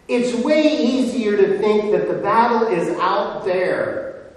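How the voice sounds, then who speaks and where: A man preaching a sermon as a pastor, emphatic and measured, with rhetorical questions to the congregation. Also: sits high, lively intonation. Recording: echoey hall, distant mic.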